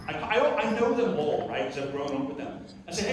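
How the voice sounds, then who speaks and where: A man with a fairly high voice delivers a live motivational talk, direct and punchy, firing questions at the crowd. He is picked up from a distance in a very echoey hall, with a faint hum of the room behind him. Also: sing-song, normal speed, hardly any pauses. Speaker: motivational speaker at a network marketing event. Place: large hall with a live audience. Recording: very echoey hall recorded from far off.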